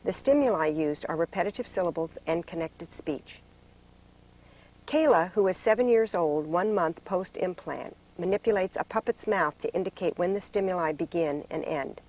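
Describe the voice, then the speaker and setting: A woman giving scripted narration for a training video in a measured, explanatory way. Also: fairly low pitch, darkish tone, rough recording.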